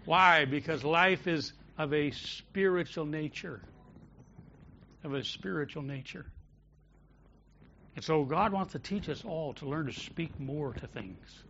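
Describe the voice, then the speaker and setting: A pastor preaches in a bright, forceful voice pitched a little high for a man. He swings from loud, emphatic declarations down to quiet, intimate storytelling. The recording sounds somewhat dull and lo-fi. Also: unhurried, vocal fry, long pauses, a little hiss or hum. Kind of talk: sermon. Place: church.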